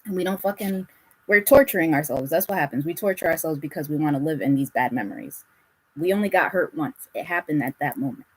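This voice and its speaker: A fairly low-voiced woman gives a casual spiritual tarot reading. She talks bluntly, swears freely and laughs often as she hands out advice. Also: fast talker, slightly rough, poor audio. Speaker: tarot reader.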